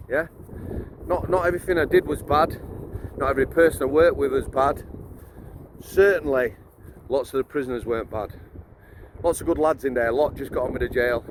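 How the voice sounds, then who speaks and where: A man's voice: mid-range voice, normal speed, long pauses, slight background noise. A middle-aged man, a former prison officer telling stories in a chatty, blunt, jokey way. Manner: chatty, blunt and jokey, laughs mid-story, addresses viewers as guys. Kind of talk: casual storytelling to camera.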